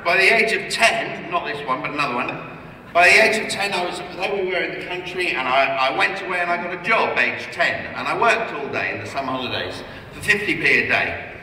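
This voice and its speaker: A man's voice: on the high side, a little fast. Rambling comic man in an echoey hall. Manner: self-mocking, stumbling, deadpan asides. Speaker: comedian giving an after-dinner talk. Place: large hall at a gala dinner. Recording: echoey hall, heard from far off, audible room noise.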